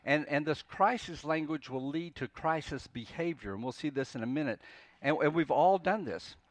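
A man preaching a sermon in a conversational way, dropping to a soft, pleading voice when quoting scripture. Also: fairly high pitch, normal speed, dry recording. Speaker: pastor.

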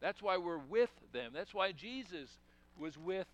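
A man's voice: sits high, expressive, measured pace, lo-fi sound. A man preaching a sermon in a conversational way, asking the congregation questions and breaking into emphatic bursts. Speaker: pastor.

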